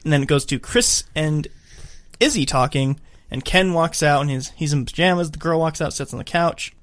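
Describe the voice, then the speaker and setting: A man's voice: on the high side, moderate pace, no room sound. A man co-hosting a podcast, chatting casually as he retells a film scene by scene, acting out the quotes. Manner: animated storyteller, acts out quotes. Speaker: podcast co-host. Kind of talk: casual chat recapping a film.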